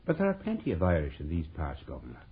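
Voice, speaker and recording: Father Brown, a soft-spoken English priest. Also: sits low, huge pitch swings, fast talker, husky, heavily acted. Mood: mild. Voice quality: soft-spoken, mild, understated. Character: mild, shrewd English priest detective. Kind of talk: 1940s radio acting. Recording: tinny, hissy old radio broadcast.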